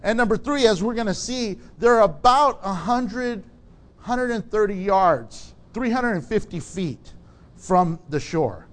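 A man preaching a sermon, animated and laughing often, acting out the people in his story. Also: sits high, measured pace. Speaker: pastor.

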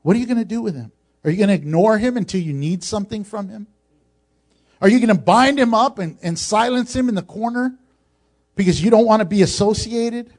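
A man's voice: high-pitched, fairly quick, a little mellow. A male pastor preaching a sermon in a conversational way, with joking asides.

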